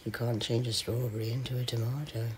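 A woman's voice: rumbling low, little pitch movement, fast, a little mellow, a little hiss or hum. A woman improvising rambling spoken-word poetry, full of rhetorical questions and playful wordplay. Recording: music playing behind.

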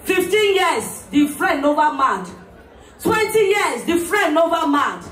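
A woman, the MC at a party, telling a story loudly and playfully with lots of laughter. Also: high voice, very animated, a little slow. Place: large party hall. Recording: echoey hall from far off, crowd.

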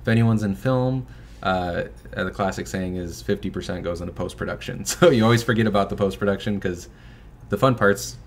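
A man's voice: low-pitched, fairly quick. A young man, a filmmaker, chatting casually and loosely on a livestream, with many fillers and small laughs. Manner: relaxed, filler-heavy, chuckles often. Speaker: filmmaker guest, son of host. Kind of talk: casual livestream fundraising chat.

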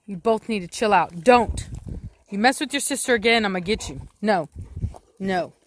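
A woman's voice: medium pitch, moderate pace, slight background noise. A woman, a dog breeder talking casually to camera while firmly shushing and commanding her dogs. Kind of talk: casual vlog narration.

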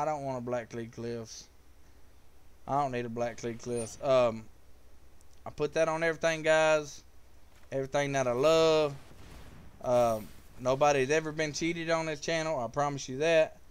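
A man with kids casually commentating his live-streamed card game, talking to chat with excitable, profane trash talk. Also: mid-range voice, measured pace, pauses often, clear, resonant tone. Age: adult with kids.

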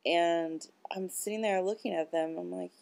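A woman with a low, husky-edged voice and a gravelly fry runs through a loose, stream-of-consciousness monologue. She talks bluntly and swears freely, with plenty of filler words. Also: fairly even intonation, normal speed, a little mellow. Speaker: vlogger. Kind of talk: rambling casual monologue.

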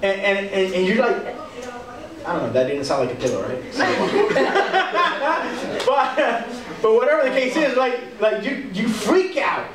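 A young man with a Texan accent leads a youth sermon in a casual, animated way, acting out little quotes. His voice sits high. It echoes around a church hall, heard from some distance. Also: measured pace, crowd noise. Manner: animated, conversational, acts out quotes. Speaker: youth pastor. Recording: echoey hall, speaker off-mic. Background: audience answering now and then.

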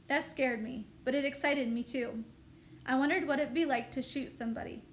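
A woman teacher reading a novel aloud with steady first-person storytelling. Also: high-pitched, normal speed, a little hiss or hum.

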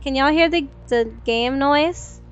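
High-voiced chatty woman streamer, swearing. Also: unhurried, faint music behind. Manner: chatty, swears freely, thinks aloud. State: losing her voice. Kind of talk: casual gaming stream chat. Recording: dull, lo-fi stream audio.

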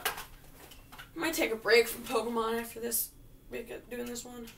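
A woman giving casual, jokey commentary while she plays a video game, with sudden loud outbursts. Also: a little high, fairly even intonation, measured pace, gravelly, recorded from a distance, slight background noise. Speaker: gamer playing through a video game.

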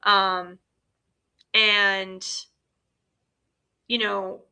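A woman's voice: medium pitch, flat delivery, very slow, sharp tone, clean tone. A woman hosting a casual film recap, chatty and full of fillers, retelling scenes in quoted dialogue. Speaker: host.

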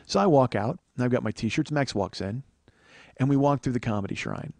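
A man in his forties hosting a comedy podcast, telling stories in an animated, profane, ranting way. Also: medium pitch, a little fast, no echo. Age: 40s. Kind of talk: comic storytelling monologue.

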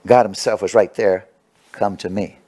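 A man preaching a sermon. He reads scripture aloud, then tells stories in a halting way, with many restarts. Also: fairly even intonation, slightly rough. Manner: swings between loud preaching and low quiet storytelling.

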